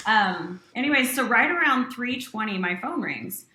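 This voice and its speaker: A woman's voice: a little high, normal speed, roomy sound, a little hiss or hum. A woman, a company president, earnestly telling a personal story in an interview, voicing the people in it as she goes. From Utah. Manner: earnest, animated storytelling with quoted voices.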